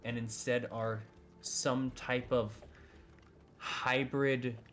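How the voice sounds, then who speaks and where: A man's voice: medium pitch, level tone, very slow, faint music behind. A man narrating as game master in a tabletop game, loose and hedging, full of "kind of".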